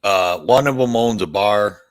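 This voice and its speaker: Lower-pitched male guest, keen fan energy, stumbles and restarts, on a video call. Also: clean tone, no room sound. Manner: eager, halting fan talk with restarts. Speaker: podcast guest. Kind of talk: casual chat.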